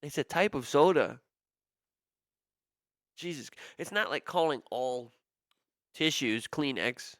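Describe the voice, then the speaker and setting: Ranting with exasperation and plenty of profanity, this young man livestreams his stories and puts on mocking voices for the people he quotes. He speaks slowly, with long pauses, in an animated, fairly bright voice on the high side. The studio-quality recording has no room sound.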